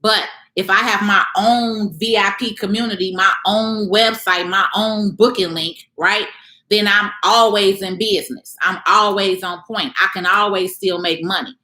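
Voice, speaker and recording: A woman coaching small business owners on a live stream, speaking with emphatic, conversational energy and often checking that her listeners follow. Her voice is bright and forceful, and it rings in an echoey room. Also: mid-range voice. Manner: emphatic, conversational, keeps asking "you get what I'm saying"; mocks others in raised playful voices.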